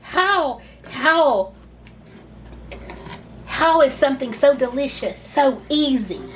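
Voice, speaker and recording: Talking viewers through each step of a casual home cooking video, this Southern cooking channel host is gushing and chatty, with plenty of "y'all." She speaks slowly in a high, expressive voice.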